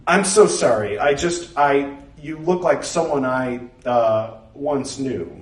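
A man's voice: mid-range voice, slow, lightly acted. A man reading a story voices a polite, awkward young man who talks hesitantly. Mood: earnest, awkward. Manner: hesitant, apologetic. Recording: roomy, distant mic.

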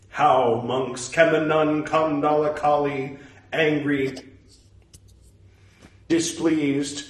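A man reading a religious text aloud, speaking punctuation marks and stopping for casual musing asides. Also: mid-range voice. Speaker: scripture reader. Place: room at home. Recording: echoey room, mic far off.

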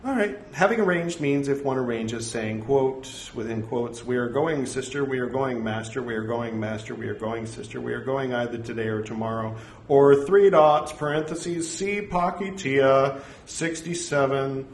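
In an echoey room with faint background noise, a man with a medium-pitched voice recites scripture at a moderate pace with few pauses. He reads the punctuation out loud and breaks off for joking, apologetic asides that poke fun at himself.

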